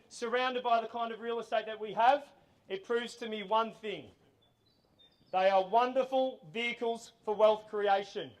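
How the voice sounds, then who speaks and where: A middle-aged Australian man calling a live house auction outdoors, mixing chatty stories with firm bid calls. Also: high-pitched.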